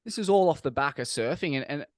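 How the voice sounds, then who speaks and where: Australian male host, relaxed reflective chat, dry close sound. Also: on the high side, quick pace, no echo. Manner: laid-back, reflective, swears casually. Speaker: podcast host. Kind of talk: casual interview chat.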